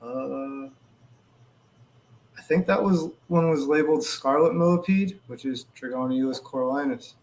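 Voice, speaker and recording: A man's voice: mid-range voice, moderate pace, darkish tone. A man co-hosting a casual podcast chat, talking in detail and using Latin species names. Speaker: podcast co-host.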